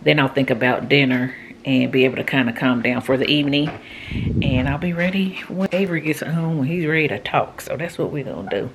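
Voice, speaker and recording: A woman's voice: extremely low pitch, a little fast, a little hiss or hum. A woman vlogger chatting casually to her viewers from her home kitchen while she cooks, with homey asides. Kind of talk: casual cooking vlog chat.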